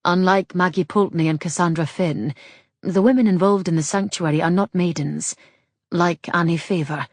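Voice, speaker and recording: A woman voicing a brisk, sharp-tongued proper lady. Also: lowish voice, no room sound. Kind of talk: audiobook character voice.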